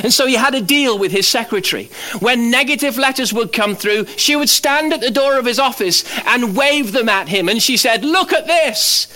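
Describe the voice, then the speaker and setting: A man preaching a sermon as pastor, animated, swinging from loud emphatic lines to low quiet ones.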